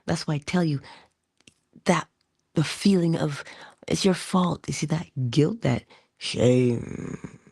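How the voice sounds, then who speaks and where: A motivational speaker with a deep, darkish voice gives an inspirational monologue to her listeners. She speaks deliberately, addressing them directly and dropping to a whisper for emphasis.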